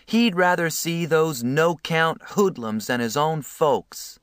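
A hard, bitter middle-aged mother , put on by a man reading a story, her voice pushed high and shrill. She talks in a cold, accusing way. The recording is close and dry. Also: animated, slow pace, clear, resonant tone, dry recording. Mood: indignant.

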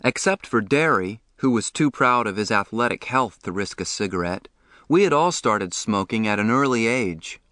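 A man narrating a novel in the first person, reading in a measured, plain way. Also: lowish voice, lively intonation, a bit bright, dry recording, clean studio sound. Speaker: audiobook narrator.

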